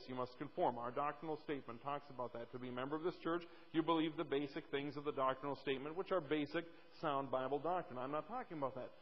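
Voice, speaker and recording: A man's voice: on the high side, long reverb tail, highs cut off. A male pastor preaching a sermon emphatically, repeating words for stress, at a church pulpit mic.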